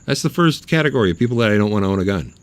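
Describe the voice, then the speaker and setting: A man's voice: lowish voice, lively intonation, rapid-fire. A man hosting his own podcast, talking in a blunt, sarcastic and mocking way. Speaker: podcast host. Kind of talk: opinionated solo podcast monologue.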